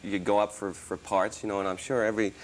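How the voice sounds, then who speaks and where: A man's voice: lowish voice, level tone, quick pace, a little hiss or hum. A man in his thirties, originally from Australia, with an American accent and traces of Australian, talking casually and rambling with many restarts as an interview guest. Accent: mostly American, traces of Australian. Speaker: interview guest, musician and actor.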